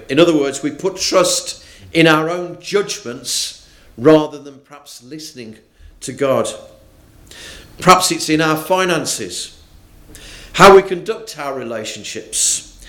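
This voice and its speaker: Slow, lively-pitched male preacher. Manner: slow, deliberate, with rising and falling emphasis. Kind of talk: sermon.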